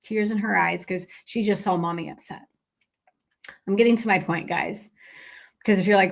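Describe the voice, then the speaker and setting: A woman's voice: fairly low pitch, normal speed, creaky, a bit bright. A woman, a business coach hosting a podcast, telling a personal story in a casual, conversational way, with lots of fillers and questions to her listeners. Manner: frequent fillers and tag questions.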